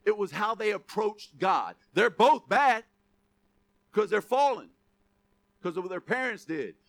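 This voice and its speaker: A male pastor with a high-sitting, slightly slow voice delivers a sermon with lively intonation, a creaky edge and a somewhat bright tone. His style is conversational and punchy, full of jokes and frequent chuckles, and he keeps checking in with the congregation with "Amen?" and "right?"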